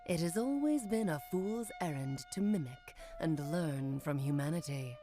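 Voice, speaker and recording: A woman's voice: sits low, expressive, normal speed, music in the background. A woman voicing a playful, grand witch and mother in a dubbed video game. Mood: amused.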